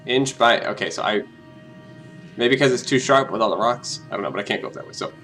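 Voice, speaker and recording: A man giving casual, jokey commentary while playing a game, often gushing in a high voice. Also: quick pace, soft background music, low-quality recording. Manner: excitable and jokey, jumps to high-pitched gushing. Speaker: let's play host.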